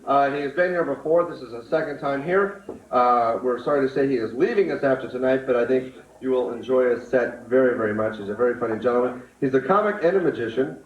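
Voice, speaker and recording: Brisk club emcee, old live tape. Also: male voice, mid-range voice, echoey room, distant mic, lo-fi sound. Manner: brisk, promotional. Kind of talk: announcing acts to a live audience. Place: comedy club stage.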